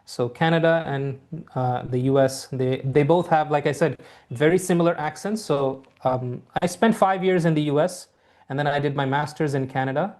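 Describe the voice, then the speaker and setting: A man's voice: on the high side, moderate pace, darkish tone. A young Bengali-speaking man with a mostly American accent and traces of Bengali, teaching a live online English class into a laptop mic, friendly and full of fillers. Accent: mostly American with some Bengali sounds. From Bangladesh. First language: Bangla. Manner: friendly, hesitant with many fillers.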